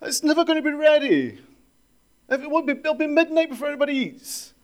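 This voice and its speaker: A man's voice: very high voice, lively intonation, fast talker, pitched above the performer's own voice. A man voicing a panicking young woman who is pleading frantically over a dinner that will not be ready. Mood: frantic. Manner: frantic, pleading, tumbling out complaints.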